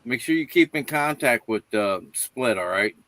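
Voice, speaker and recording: A man hosting a casual online panel, prompting guests and reacting with quick remarks. His voice is middle-pitched and recorded dry and close. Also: lively intonation, pushed and bright, no room sound. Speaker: livestream panel host. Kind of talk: casual chat.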